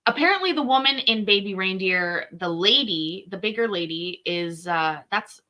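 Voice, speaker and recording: A woman's voice: mid-range voice, lively intonation, normal speed, sharp tone. A woman born in Scotland, hosting a casual stream and rambling through answers to viewer comments with lots of fillers. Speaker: streamer host.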